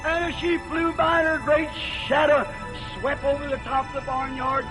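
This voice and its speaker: A man's voice: very high voice, completely flat delivery, moderate pace, over music, low-quality recording. A male preacher telling a folksy story in a sermon, plain-spoken, in a church. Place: church building.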